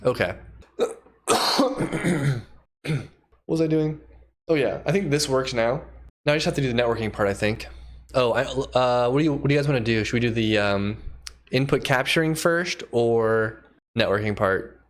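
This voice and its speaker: A man livestreaming as a programmer, thinking aloud in a loose, relaxed way and chatting with viewers. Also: mid-range voice, moderate pace, a little hiss or hum. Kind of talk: casual livestream chat while coding.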